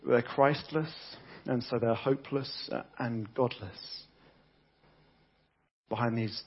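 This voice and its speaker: A man's voice: mid-range voice, fairly even intonation, slow pace, slightly rough, lo-fi sound. A man preaching a conversational sermon with frequent restarts and repeated words.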